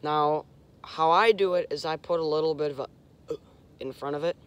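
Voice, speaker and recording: A young man casually explaining hunting call technique, halting and searching for words, with short clipped demonstration sounds. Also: a little high, clean tone, no echo. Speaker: host. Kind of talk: casual instructional talk.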